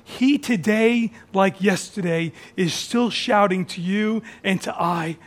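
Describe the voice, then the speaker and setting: A high-pitched male pastor delivers a communion sermon. He builds phrases through repetition, dropping to near-whispers and then rising to strong, raised lines. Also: takes it slowly. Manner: dramatic swings from soft near-whisper to raised, shouted phrases; repeats phrases for emphasis.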